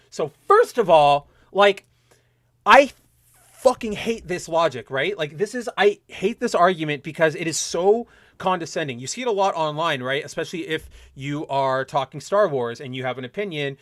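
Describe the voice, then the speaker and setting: Animated young man ranting solo. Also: a little high, normal speed, no echo, clean studio sound. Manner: animated ranting, mocking quoted voices. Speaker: podcast host. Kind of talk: casual solo commentary.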